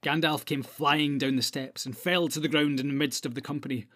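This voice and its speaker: A man narrating a fantasy audiobook in a steady, measured storytelling manner, with a husky voice. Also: a little high.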